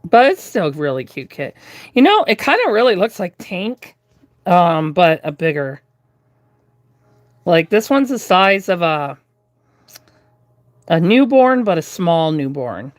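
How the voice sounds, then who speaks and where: A woman's voice: lowish voice, sing-song, unhurried, pauses often, dry recording. A woman chatting through a live doll-painting tutorial from her craft room at home, rambling with lots of fillers and restarts. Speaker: reborn doll artist streaming live.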